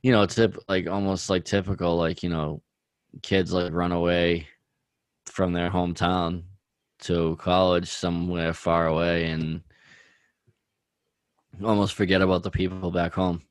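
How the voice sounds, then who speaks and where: Very deep-voiced man rambling casually. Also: little pitch movement, a little slow, long pauses, clean tone, no room sound. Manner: rambling, heavy use of "like" and "dude". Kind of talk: casual chat about music.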